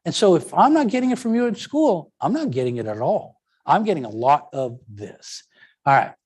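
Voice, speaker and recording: A man's voice: fairly high pitch, moderate pace, husky. A man giving a lecture presentation on education and language, stressing words to make his points. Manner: animated, stresses words to demonstrate.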